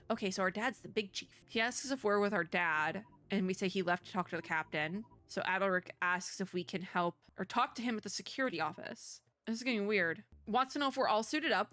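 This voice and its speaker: Chatty woman streamer reading game text. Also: a bit bright. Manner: chatty and curious, laughs often, thinks aloud with quick pitch jumps. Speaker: streamer playing a story game. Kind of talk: casual gameplay commentary, reading on-screen text aloud.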